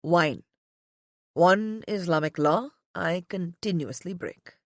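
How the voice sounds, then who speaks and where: A woman's voice: on the low side, slow, dry recording, clean studio sound, pitched below the performer's own voice. A woman voicing a stern, commanding man. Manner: curt, clipped orders. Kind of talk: audiobook character voice.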